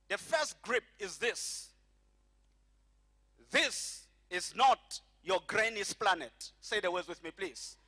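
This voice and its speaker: A middle-aged man preaching with a high, ringing voice. He leans on key phrases, drawing them out slowly and calling the congregation to say them back. His tone is bright and forceful from the pulpit. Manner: emphatic preaching, slows and stretches key phrases, has congregation repeat after him. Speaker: pastor. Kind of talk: sermon.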